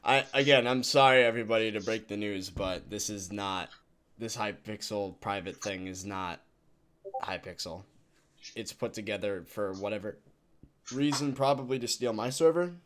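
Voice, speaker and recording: A man's voice: fairly low pitch, moderate pace, a bit bright. A young man hosting a voice chat, talking casually with frequent laughs and loose restarts.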